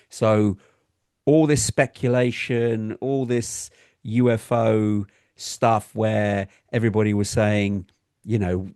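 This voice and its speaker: A man's voice: on the low side, darkish tone, dry recording, studio quality. A man co-hosting a casual talk show, explaining things earnestly. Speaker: co-host. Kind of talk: casual chat.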